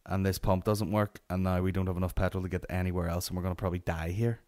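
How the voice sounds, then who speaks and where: A man's voice: low-pitched, flat delivery, fast talker, darkish tone. A young Northern Irish man hosting a solo comedy podcast, telling a rambling, sweary anecdote. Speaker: podcast host.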